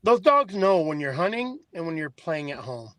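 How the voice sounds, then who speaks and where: A man's voice: fairly high pitch, sing-song, moderate pace, a bit bright, dry recording. A man in a casual chat, telling loose, rambling stories.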